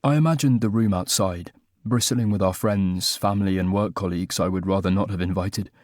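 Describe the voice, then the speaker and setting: A man's voice: sits low, fairly even intonation, fairly quick, darkish tone, no echo. A man narrating a first-person romantic comedy audiobook with a wry, self-mocking comic delivery.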